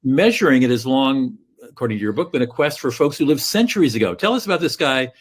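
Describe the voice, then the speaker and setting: A man's voice: medium pitch, very animated, quick pace. A man hosting a talk show, interviewing a guest with conversational, prompting questions. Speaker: radio show host.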